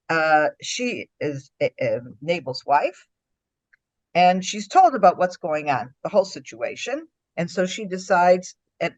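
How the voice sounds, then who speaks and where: A woman's voice: on the low side, no echo. A woman teaches a Bible study, talking through the story with plenty of fillers and restarts. Her voice rises and falls widely as she acts out what each person says. The sound is dry and a little muffled. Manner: animated, acts out quoted speech, many fillers and restarts.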